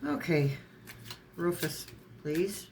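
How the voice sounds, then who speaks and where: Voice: mid-range voice, sing-song, extremely slow, gravelly, a little hiss or hum. A tarot reader in a casual online reading who strings card keywords together, stumbles and corrects words, and adds sarcastic asides.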